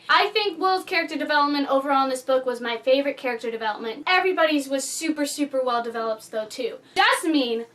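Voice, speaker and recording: A woman casually reviewing a book on her vlog, gushing and animated as she chats about the characters. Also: high-pitched, recorded from a distance. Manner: gushing, animated fangirl chatter.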